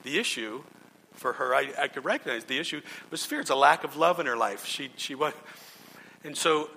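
A male preacher tells sermon stories with sincerity, repeatedly breaking off and beginning again. He speaks at a moderate pace with medium pitch and an expressive, pushed, bright voice. A little hiss or hum sits under the long hall reverb.

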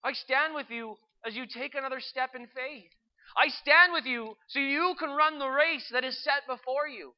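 A storyteller voicing a patient, loving divine spirit in a calm, slow, tender way. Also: high-pitched, dull audio, close to an everyday voice.

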